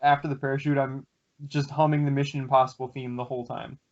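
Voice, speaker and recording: A man's voice: mid-range voice, little pitch movement, fast talker. A man co-hosting a podcast, trading teasing jokes with plenty of swearing. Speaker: podcast co-host. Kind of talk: casual podcast banter. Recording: dull lo-fi podcast audio.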